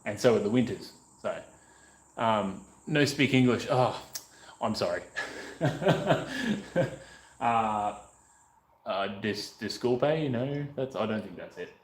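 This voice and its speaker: Aussie guy chatting and joking while he works, lowish voice, echoey workshop with faint hum behind. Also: expressive, slow, long pauses. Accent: Australian. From North Queensland, Australia. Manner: chatty, joking, rambling asides. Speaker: motorcycle restoration vlogger. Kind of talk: casual chat while working. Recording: echoey room, faint background noise.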